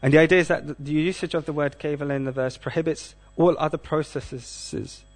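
A man giving a scripture class, speaking in a measured way and asking the audience questions. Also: fairly high pitch, steady tone.

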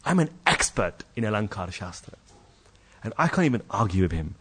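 A man voicing a bewildered male scholar who is humbled and awed by his opponent, in low, subdued musing. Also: sing-song, brisk, very noisy.

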